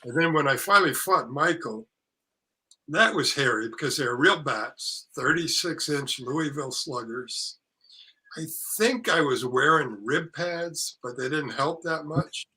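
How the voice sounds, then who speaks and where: Older man telling stories in a bright voice. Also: on the high side, unhurried, rough recording. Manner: lively storyteller, salty language, acts out quotes. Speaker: actor and author, podcast guest. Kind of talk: casual anecdote storytelling.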